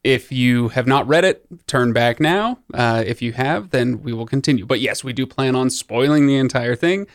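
A man's voice: mid-range voice, moderate pace, few pauses. A male podcast host talking in a loose, rambling way, starting sentences over and poking fun at himself. He sounds a little off, as though under the weather. The studio sound is close and dry, with no room echo. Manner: rambling, self-deprecating, restarts often. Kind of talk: casual chat.

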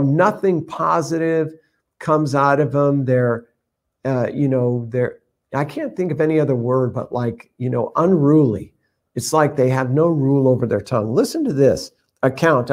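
A man's voice: a little high, a little mellow. A man teaching from the Bible on a live stream, reading scripture aloud and explaining it in a conversational way. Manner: conversational, reads scripture aloud, many fillers.

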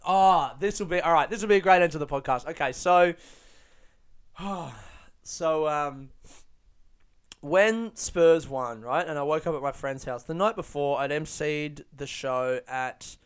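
Man, podcast host, casual storytelling, swears a lot, smooth clear voice, a bit high. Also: a little slow. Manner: rambling, profane, self-deprecating. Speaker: podcast host and stand-up comedian.

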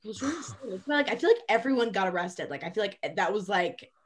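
A woman's voice: medium pitch, expressive, fast. A woman in her thirties, a podcast guest, chatting casually with laughing asides. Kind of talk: casual chat.

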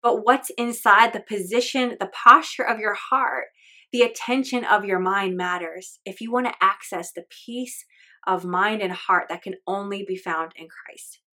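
A woman's voice: medium pitch, moderate pace, pushed and bright. A woman hosting a faith podcast, talking in an earnest, candid and chatty way with lots of fillers. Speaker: podcast host.

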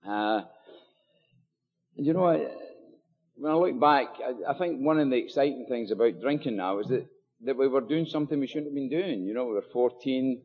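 A man's voice: mid-range voice, normal speed. Scottish man speaking in an echoing hall. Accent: Scottish, Glasgow area. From Scotland. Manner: chatty, joking, full of fillers and asides. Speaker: AA meeting speaker. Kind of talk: personal recovery talk at a meeting. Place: meeting hall with audience. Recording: dull live recording in a long-echo hall.

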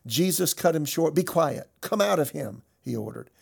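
Male pastor, emphatic sermon delivery, scripture reading, a bit high and gravelly. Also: big pitch swings, moderate pace, a little mellow.

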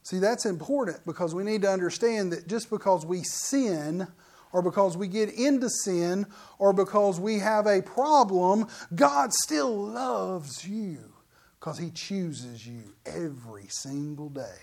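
A man's voice: sits high, expressive, unhurried, dark tone. A middle-aged man preaching a sermon as pastor, in a folksy, joking, conversational way.

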